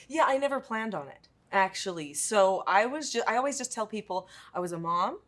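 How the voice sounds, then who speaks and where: A woman's voice: medium pitch, lively intonation, fairly quick, a bit bright. A woman parenting expert, a guest on a talk show, explaining ideas confidently in casual chat.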